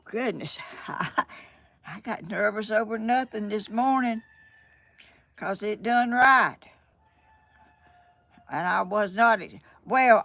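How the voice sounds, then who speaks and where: Flustered older Southern woman, gravelly. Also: mid-range voice, a bit bright, dry recording. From Georgia, USA. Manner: chatty and flustered, laughs often. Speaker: vlogger. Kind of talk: casual live-stream chat. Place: home, sunny room.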